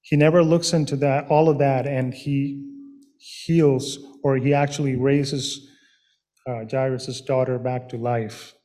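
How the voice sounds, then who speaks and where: Slow, earnest male preacher. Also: medium pitch, fairly even intonation, mellow. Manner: slow, earnest, with many fillers and restarts. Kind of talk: sermon.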